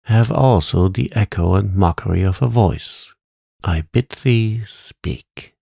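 A man voicing a stern, grim old witch woman, slow and archaic. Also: low voice, expressive, creaky, a little mellow, no room sound, full character voice.

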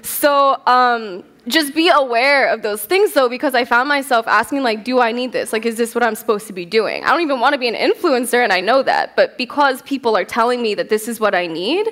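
A young woman speaking to a festival crowd in a casual, storytelling way. She swears freely, laughs often and keeps things candid. Her voice sits a little high. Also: lively intonation, fairly quick, few pauses, a bit bright. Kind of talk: casual stage talk, storytelling. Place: stage at a festival hall.

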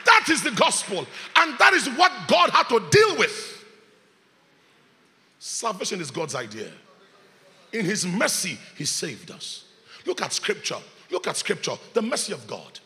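A man, preaching a sermon as pastor, swinging between shouts and hushed lines. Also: high-pitched, big pitch swings, unhurried, long pauses, long reverb tail, some chatter behind. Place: church hall.

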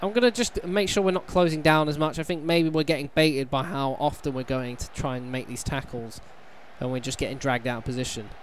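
A young man giving casual let's-play commentary on his own game, chatty and bursting into excited shouts at the players. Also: mid-range voice, fairly quick, slight background noise. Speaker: gaming channel host.

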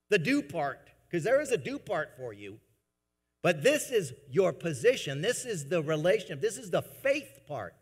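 A man preaching a sermon to his congregation, swinging between soft, low asides and loud, emphatic bursts. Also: very animated, normal speed, slightly rough. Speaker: pastor. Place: church sanctuary. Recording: long church reverb.

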